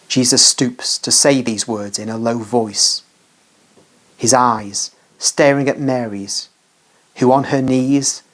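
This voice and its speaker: A narrator reading a devotional vision text in a measured, solemn way. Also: mid-range voice.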